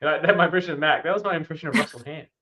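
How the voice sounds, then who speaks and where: A man hosting a casual podcast chat, enthusiastic and quick to restart his sentences. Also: fairly high pitch, bright, forceful tone, a little hiss or hum, low-quality recording. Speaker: podcast host.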